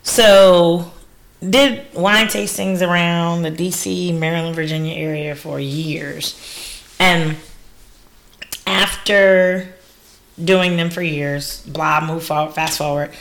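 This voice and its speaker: Woman, low gravelly voice, podcast guest, animated storyteller, laughing, exclamatory. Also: slow pace. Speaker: wine educator and business owner. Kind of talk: casual podcast interview.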